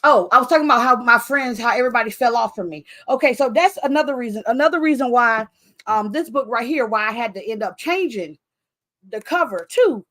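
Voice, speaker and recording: Woman author hosting her launch livestream, rambling and expressive, voice sits a little high. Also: brisk. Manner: chatty, rambling, loses her train of thought; expressive, animated with laughter. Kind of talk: casual livestream chat.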